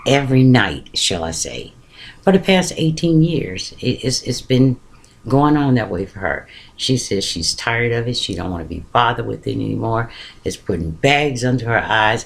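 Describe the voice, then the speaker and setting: A man tells a story about his own morning in a loose, conversational way. His voice sits at an ordinary middle pitch and jumps up and down for emphasis. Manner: chatty, colloquial, swinging pitch for emphasis. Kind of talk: casual spoken storytelling.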